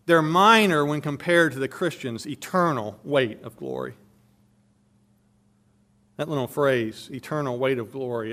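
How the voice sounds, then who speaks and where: Emphatic, fairly high-voiced male preacher. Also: a bit bright. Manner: emphatic, rising and falling in volume for stress. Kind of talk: sermon.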